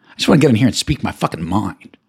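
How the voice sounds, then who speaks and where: A middle-aged man hosting a podcast, ranting heatedly and profanely, stumbling and repeating himself as he swings between loud outbursts and low mutters. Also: big pitch swings, fast talker, vocal fry, husky. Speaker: podcast host. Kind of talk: angry personal rant.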